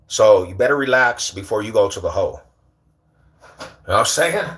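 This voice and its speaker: A man hosting a casual livestream, talking slangy and animated, teasing and bantering with his chat. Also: on the low side, fairly quick, slight background noise. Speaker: livestream host.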